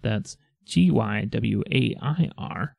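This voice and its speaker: A man's voice: fairly low pitch, expressive, slow, creaky, a little mellow, no echo, clean studio sound. A man co-hosting a podcast, chatting casually and rambling, often breaking into laughter. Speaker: podcast co-host. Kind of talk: casual chat.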